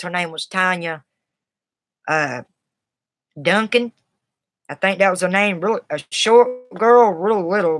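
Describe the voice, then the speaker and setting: A woman's voice: lowish voice, fairly bright tone, dry recording. A woman casually telling a personal story in a blunt, tough, colloquial way. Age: adult, has a daughter. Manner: blunt and tough, Southern-sounding colloquial speech.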